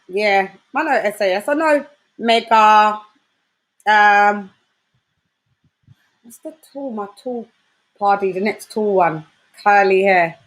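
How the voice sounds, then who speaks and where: Slangy British woman chatting to viewers. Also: mid-range voice. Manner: animated, slangy, trash-talking banter. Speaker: host; grime and dancehall artist. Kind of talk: casual livestream chat.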